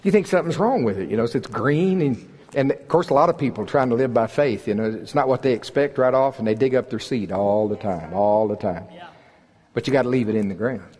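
A sermon from a sixty-something Oklahoman fills a large, reverberant hall, folksy and full of jokes before surging to emphatic peaks. He speaks briskly in a husky, mid-range voice with a darkish tone.

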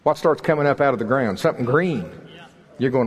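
Preaching briskly at medium pitch, an Oklahoma man in his sixties gives a folksy, humorous sermon that rises to emphatic peaks. His husky voice reverberates in a large hall.

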